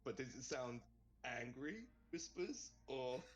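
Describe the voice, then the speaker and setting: A man's voice: mid-range voice, animated, slow, poor audio. A man playing at a tabletop game table in casual chat, jittery and joking nervously. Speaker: player.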